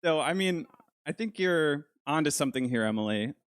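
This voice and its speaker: A man's voice: fairly high pitch, expressive, moderate pace, smooth. A man co-hosting a casual film podcast, jokey and enthusiastic, often laughing. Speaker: podcast co-host.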